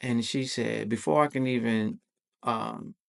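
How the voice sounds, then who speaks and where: A man's voice: mid-range voice, fairly even intonation, a little slow, gravelly, a bit bright. A man hosting a podcast, telling a personal story in loose, slangy, profane conversational talk. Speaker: podcast host.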